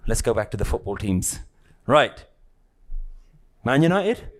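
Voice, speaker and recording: A man leads a spiritual lesson for a live audience in a relaxed, conversational way. His voice sits at an ordinary middle pitch. He teases his listeners and keeps checking in with short questions. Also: a little slow. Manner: conversational, teasing, keeps checking in with "yeah?" and "right?". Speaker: spiritual teacher.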